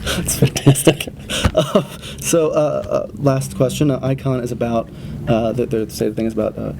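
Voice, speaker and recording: A man's voice: mid-range voice, normal speed, creaky, noisy background. A man interviewing a guest at a convention, hesitant, with many fillers. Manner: hesitant, many uhs, brief reactions. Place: convention floor.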